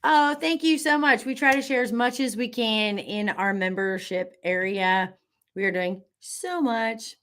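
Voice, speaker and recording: A woman's voice: fairly high pitch, unhurried, a bit bright. A woman hosting a live online class, bubbly and encouraging, reading out viewer comments with lots of fillers.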